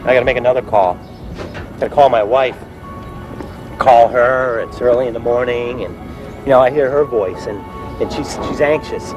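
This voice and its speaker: A man's voice: medium pitch, normal speed, pauses often, music in the background, poor audio. A man telling his own true story to an audience, plain-spoken and reflective, often saying "you know".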